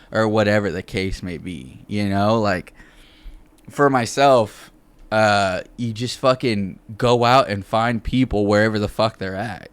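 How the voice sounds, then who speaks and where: A man's voice: lowish voice, clean tone, dry recording. A man co-hosting a podcast, chatting casually, rambling with fillers and swearing. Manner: rambling, profane, lots of fillers.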